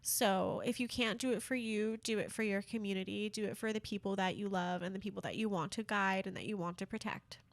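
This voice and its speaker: An earnest young woman hosts her podcast, opening up in a heartfelt personal monologue sprinkled with casual fillers. Her voice sits at an ordinary middle pitch for a woman. It comes across dry and close, with no room sound around it. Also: fairly even intonation, fairly quick, vocal fry, hardly any pauses, no room sound. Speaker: podcast host.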